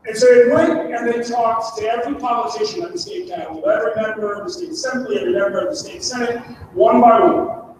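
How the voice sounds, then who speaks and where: High-voiced man telling a story in a hall. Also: fairly quick, slight background noise. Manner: animated storyteller voicing quoted people. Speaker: conference speaker. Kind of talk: storytelling keynote speech. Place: large hall. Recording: echoey hall from far off.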